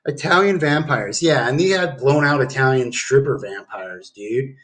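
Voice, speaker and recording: A man's voice: medium pitch, expressive, moderate pace, a bit bright. A man ranting on a livestream, rambling and swearing, tacking "dude" onto his sentences. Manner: rambling, profane, keeps saying dude. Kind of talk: casual livestream rant.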